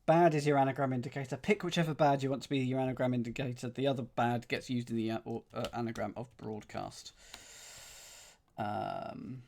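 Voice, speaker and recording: A man's voice: mid-range voice, darkish tone. Man muttering through crossword clues. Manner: muttering, repeats clues to himself, counts letters aloud. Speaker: puzzle streamer. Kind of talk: thinking aloud while solving live.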